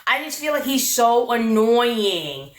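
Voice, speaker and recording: Woman, high voice, sassy and animated, echoey room. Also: slow pace. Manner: animated, sassy, laughs often. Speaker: recap vlogger. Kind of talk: casual reality TV recap. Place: her room.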